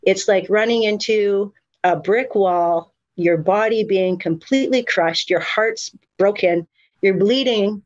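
A middle-aged woman telling her story as an interview guest, candid and animated, with many fillers and restarts. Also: medium pitch, slow, no room sound, highs cut off. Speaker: guest, mother of incarcerated sons. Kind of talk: emotional personal storytelling.

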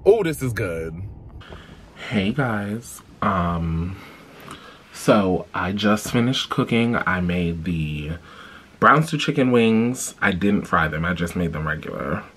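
Man, deep voice, casual vlog chat, tired, expressive. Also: slow pace. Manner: chatty, animated, expressive. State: tired, allergies. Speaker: vlogger. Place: home, then out and about.

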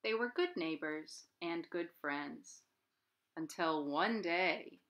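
A woman, a children's librarian at home, reading a picture book aloud to children with expressive storytelling and sound effects. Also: on the low side, slow pace.

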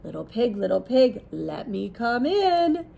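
A woman voicing a sly, scheming male wolf in a children's storybook, with smug, drawn-out menace. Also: on the high side, very animated, vocal fry, dark tone, slight background noise, heavily acted. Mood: sly, menacing.

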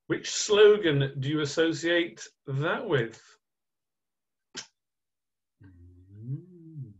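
A man's voice: on the high side, expressive, extremely slow, pauses often. Chatty man hosting a webinar quiz. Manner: chatty and jokey, teasing the audience. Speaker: webinar presenter. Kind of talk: quiz-style webinar presentation. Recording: dull lo-fi webinar audio.

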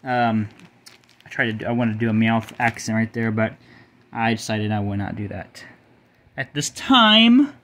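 A man's voice: fairly low pitch, flat delivery, moderate pace. A young man casually showing off his card collection, rambling, swearing freely and stumbling over names. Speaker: channel host.

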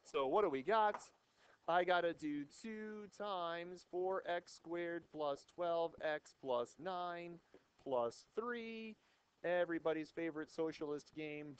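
A man's voice: on the high side, animated, slow pace, smooth. A young male math teacher giving a jokey, playful lecture to a classroom of students on an old microphone. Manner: playful, wisecracking, theatrical.

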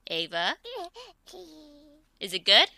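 A young woman giving casual gameplay commentary, getting exasperated and yelling at the characters on screen. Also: on the low side, lively intonation, slow pace, heavy background noise. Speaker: let's play gamer.

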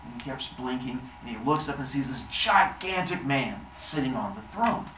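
A man telling a myth to children in a lively, playful way. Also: medium pitch, moderate pace. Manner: animated, playful. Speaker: storyteller. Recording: echoey room, distant mic, faint noise.

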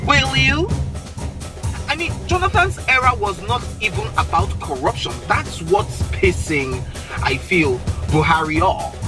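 A young man with a Nigerian accent giving animated, incredulous opinions in a casual vlog, talking from the back of a car. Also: high voice, unhurried, music in the background, low-quality recording. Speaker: vlogger.

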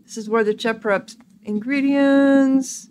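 A woman playing a video game and reading its text aloud, thinking out loud casually with hums and ums. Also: high-pitched, fairly even intonation, slow, clear, resonant tone. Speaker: gaming video creator.

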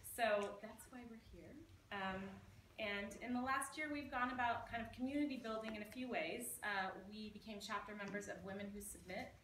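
A woman's voice: mid-range voice, normal speed. A Scottish woman introducing a book as the press editor, chatty and hesitant with many fillers. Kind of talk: casual speech and poetry reading at a book party. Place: bookstore event. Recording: echoey room, distant mic, noisy.

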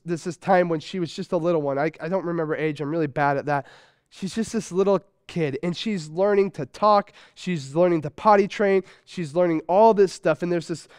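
High, clear-voiced male pastor preaching. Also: a little mellow, dry recording, studio quality. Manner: conversational preaching with personal stories. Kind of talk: sermon. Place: church sanctuary.

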